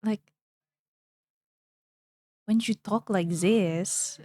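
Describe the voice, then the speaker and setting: A woman's voice: medium pitch, fairly even intonation, extremely slow, long pauses, darkish tone, no room sound. A young woman streamer chatting casually while she draws, rambling playfully and thinking aloud.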